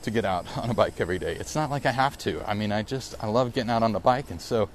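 A man in his late forties hosts a casual solo podcast outdoors while riding through a park, with slight background noise. He speaks quickly in a fairly low voice, rambling reflectively and repeatedly correcting himself.

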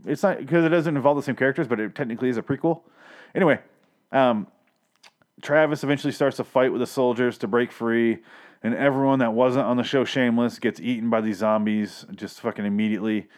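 At home, a man with a medium-pitched voice recaps a TV episode for his podcast, talking a little fast. He rambles, swears freely, and pokes fun at himself, and his home microphone picks up audible pops.

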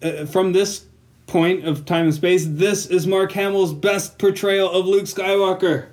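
An American man co-hosts a podcast in loose, casual chat. He talks loudly and excitably and laughs often, with a slightly higher voice than most men. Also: unhurried. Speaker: podcast co-host.

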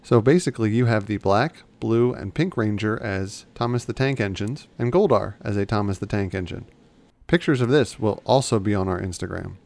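In a casual podcast conversation, a man with a low, gravelly voice rambles chattily at a normal speed. He restarts sentences, corrects himself, and circles back to earlier points, sounding like a relaxed co-host simply talking.

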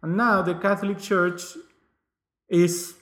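A man's voice: high voice, fairly even intonation, fairly bright tone. A man, a guest talking casually in an interview and stopping often to search for words. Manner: halting, searching for words with many fillers. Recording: roomy echo.

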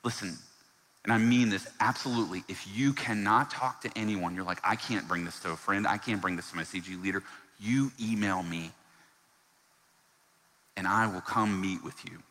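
Male pastor, low voice, earnest sermon delivery that swings from hushed to emphatic, church hall reverb. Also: moderate pace.

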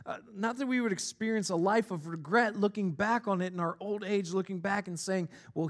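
A pastor delivering a sermon in a conversational way, mixing scripture with personal stories and playful asides. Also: male voice, sits high.

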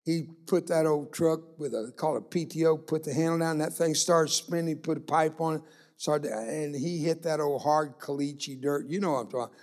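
A man's voice: on the high side, fairly even intonation, moderate pace, a little mellow. A man preaching a sermon, telling a humorous anecdote and acting out the dialogue. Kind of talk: sermon storytelling.

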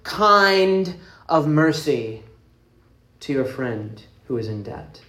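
A man's voice: fairly high pitch, lively intonation, slow pace, a bit bright. A man voicing a stern, angry king who rebukes a servant in a seething, reproachful tone. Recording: roomy echoing space.

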